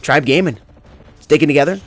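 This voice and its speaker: A young man calling a mobile esports match with excited play-by-play commentary and frequent exclamations. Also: a little high, fairly quick, faint music behind. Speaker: esports caster.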